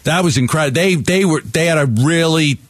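A man co-hosting sports radio, talking fast and excitedly as he rattles off game stats. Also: fairly high pitch, no room sound. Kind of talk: casual sports radio banter.

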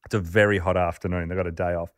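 A man casually telling anecdotes on a podcast, chatty and animated, laughing as he goes. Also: low-pitched, rapid-fire, no echo, studio quality. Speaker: podcast host telling a story. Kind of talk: casual storytelling chat.

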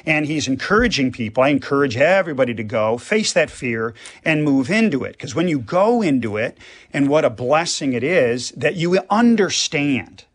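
Earnest priest talking on radio. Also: male voice, on the high side, animated, moderate pace. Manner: earnest, explains with everyday examples. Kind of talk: radio conversation.

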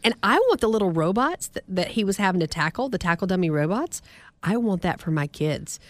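A woman from South Carolina with a Southern US accent hosts a podcast in a lively, joking way. Her voice sits at a middle pitch. The sound is dry and close to the mic. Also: fairly quick, no echo. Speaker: podcast host. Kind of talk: casual chat.

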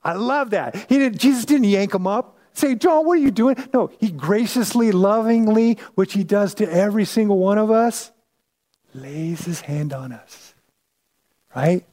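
A male pastor giving a casual, animated sermon full of slang, acting out the people in the story. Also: high-pitched, measured pace, long reverb tail.

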